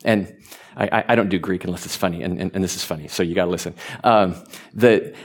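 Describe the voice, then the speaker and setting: A man preaching a sermon, animated, stumbling over repeated words and rising to emphatic peaks. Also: low voice, fast talker. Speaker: pastor.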